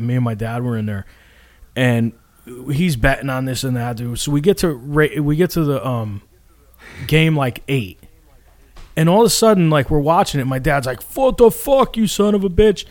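A young man from Florida telling a rambling story on a podcast, swearing often and acting out other people's lines. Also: mid-range voice. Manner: swears a lot, animated, acts out quotes with shouts. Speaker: podcast co-host. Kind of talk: casual storytelling.

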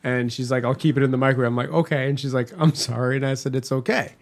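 A man's voice: medium pitch, fairly even intonation, fast talker, creaky. A man guest in a casual chat, defending himself while reading out text messages. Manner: defensive, laughs through his story.

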